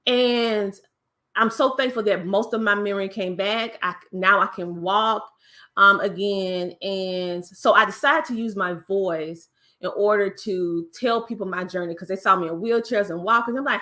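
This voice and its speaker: Bright-voiced Southern woman with a twang. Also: medium pitch, normal speed. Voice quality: country twang. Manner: lively storytelling, acts out other voices. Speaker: podcast guest. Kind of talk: casual interview talk.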